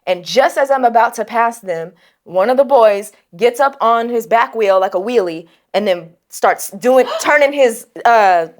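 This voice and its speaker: A young adult woman co-hosting a podcast, telling stories in casual chat, blunt and animated, swearing freely. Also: on the high side, unhurried. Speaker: podcast co-host.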